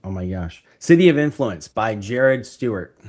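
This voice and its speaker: On a podcast, a real estate investor chats casually about his business methods, his low-leaning voice sing-song and a little mellow at normal speed. He's enthusiastic and rambling, often restarting and using lots of fillers.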